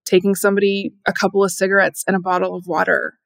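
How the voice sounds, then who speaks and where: A woman's voice: medium pitch, fairly even intonation, fast, creaky, fairly bright tone, no room sound. A woman guesting on a podcast, talking earnestly in casual chat with lots of fillers.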